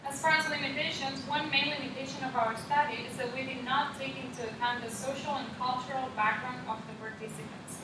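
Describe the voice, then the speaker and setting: High-voiced young woman in echoey room. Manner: methodical reading of figures and lists. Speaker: student presenter. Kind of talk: class presentation practice. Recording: echoey room, mic far off, background noise.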